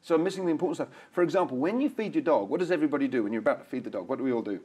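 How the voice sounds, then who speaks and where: A middle-aged man, a dog behaviour expert, talking as a guest in a casual interview. He is animated, acts out examples and laughs often. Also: on the high side, racing, breathy edge.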